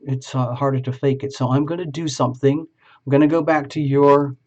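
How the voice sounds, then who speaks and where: A man's voice: mid-range voice, steady tone, normal speed, darkish tone, highs cut off. A man as a tarot reader, improvising a live reading and talking a viewer through each step.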